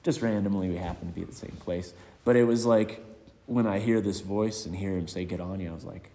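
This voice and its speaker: A man giving a eulogy with personal stories, reflective and hesitant, pausing often. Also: lowish voice, mellow. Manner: reflective and hesitant, many pauses. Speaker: speaker at a memorial. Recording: long hall reverb.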